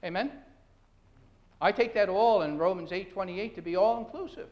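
A man's voice: high voice, moderate pace, darkish tone, dull audio. A man preaching a sermon as pastor, earnest, with frequent restarts and rising emphasis. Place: church sanctuary. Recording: long hall reverb.

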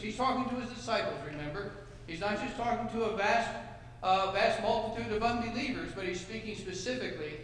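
A pastor delivering a sermon in a high, light voice, earnest and folksy, pausing now and then to gather his words. He is heard in a large church sanctuary with a long, echoing reverb. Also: a bit bright. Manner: earnest preaching with folksy asides. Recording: echoey church hall.

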